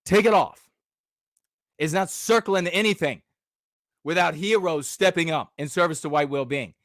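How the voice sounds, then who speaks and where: A male livestream host ranting at his audience, combative and profane, sometimes rising to shouts. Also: on the high side, moderate pace, dry recording, clean studio sound. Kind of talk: livestream rant.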